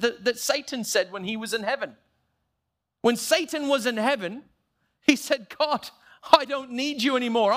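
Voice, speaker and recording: A man preaching a sermon, emphatic, slowing down to stress key phrases and acting out short quoted prayers. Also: very high voice, sharp tone. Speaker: pastor.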